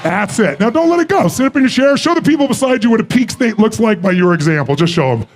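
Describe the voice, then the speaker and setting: A man works a seminar crowd with a high, swooping voice that leaps all over its range. His tone is gravelly and raspy, and he fires question after question at the room. He builds from low intensity to shouted hype. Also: sing-song, music in the background, low-quality recording. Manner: rapid-fire rhetorical questions, commanding the crowd. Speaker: motivational speaker. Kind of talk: live seminar speech to an audience.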